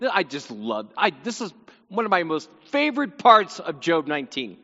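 A man's voice: fairly high pitch, big pitch swings, moderate pace, bright, forceful tone, big-room sound, lo-fi sound. A male pastor preaching a sermon, reading scripture dramatically and chatting casually between passages.

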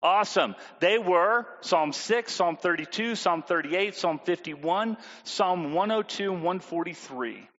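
A man with a fairly high voice preaches a sermon and keeps turning to the congregation with questions. The sound is dull, with a long reverb from a large hall. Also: lively intonation, measured pace, few pauses, a bit bright. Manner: conversational, asks the congregation questions. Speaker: pastor.

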